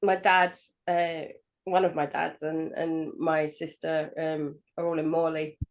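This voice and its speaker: A man's voice: on the high side, flat delivery, unhurried. A man from southern England co-hosting a podcast, chatting casually and joking at his own expense. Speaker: podcast co-host. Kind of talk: casual chat.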